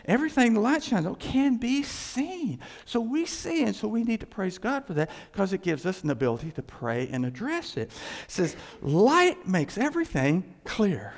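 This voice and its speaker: Male pastor, sermon, lively pitch, conversational asides, long hall reverb. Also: normal speed, vocal fry. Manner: animated, conversational preaching with asides and laughs.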